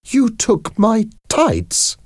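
A man voicing a flustered mother in a storybook reading, lifting his voice high for her exclamations. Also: wildly swooping pitch, unhurried, warm tone, no room sound, studio quality. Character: frightened woman, a mother, fussing and shrill.

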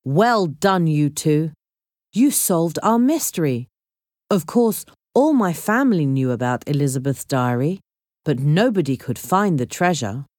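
Gracious older gentleman lord in a storybook, composed, voiced by a woman narrator. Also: deep voice, expressive, unhurried, no echo, studio quality.

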